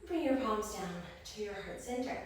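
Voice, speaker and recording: A woman's voice: mid-range voice, expressive, moderate pace, a little hiss or hum. A young woman leading a guided yoga class, cueing breaths and poses in an encouraging way, a little out of breath. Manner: encouraging cues, breath counting. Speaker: yoga instructor. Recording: echoey room, voice from far off.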